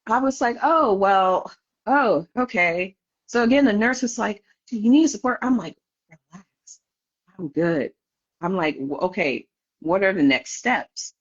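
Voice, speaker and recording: A woman with a medium-pitched, slightly rough voice speaks at a measured pace. She's a podcast guest telling her own story in a candid interview, lively and laughing often as she acts out other people's voices. The lo-fi audio sounds slightly dull.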